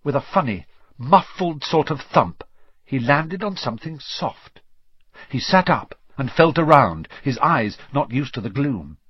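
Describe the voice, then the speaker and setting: A man narrating a storybook aloud in an expressive, varied way. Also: mid-range voice, unhurried, slightly rough, dry recording. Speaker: audiobook reader. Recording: slightly dull lo-fi recording.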